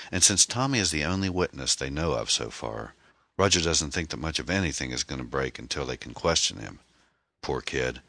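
A man voicing a middle-aged divorced father who talks calmly and soothingly, in an audiobook reading. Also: rumbling low, dry recording, exaggerated voice. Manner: calm, soothing, wry.

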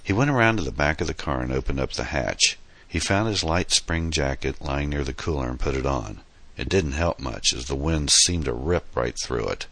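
A man narrating his own novel as an audiobook, in a steady storytelling manner. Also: very deep voice, moderate pace, dry recording. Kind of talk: scripted narration.

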